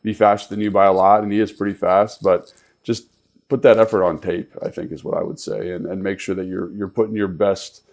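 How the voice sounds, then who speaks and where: A man's voice: lowish voice, flat delivery, brisk, darkish tone. A man co-hosting a sports show, a former pro football player and coach, analyzing the game with an emphatic coaching tone. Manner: coaching tone, emphatic, repeats himself.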